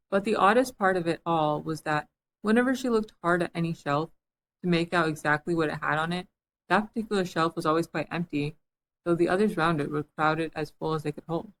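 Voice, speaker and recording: A woman reading a classic children's story aloud as an audiobook, with a lively, expressive delivery. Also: on the low side, brisk, slight background noise, poor audio. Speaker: audiobook reader. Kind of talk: storybook narration.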